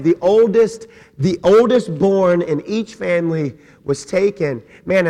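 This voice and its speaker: A male pastor preaching a lively sermon, retelling the story with acted-out voices and a habit of saying "man". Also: high-pitched, long reverb tail. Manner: storytelling, acting out voices, says "man" often. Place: church sanctuary.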